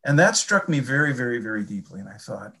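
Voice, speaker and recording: An older man from the Chicago area, talking about faith in a reflective, halting way and often repeating his words. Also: medium pitch, sing-song, creaky, pushed and bright, husky. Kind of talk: casual faith conversation.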